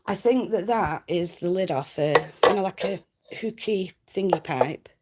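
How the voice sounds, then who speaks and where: A woman's voice: lowish voice, moderate pace, very noisy. A woman hosting a casual livestream, chatting cheekily with viewers and laughing often. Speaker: livestream host.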